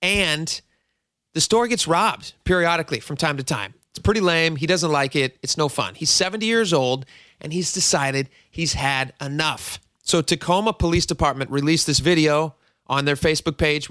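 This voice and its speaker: A man's voice: fairly high pitch, normal speed, a bit bright, no echo. A man hosting a talk radio show on a studio microphone, chatty and jokingly self-mocking.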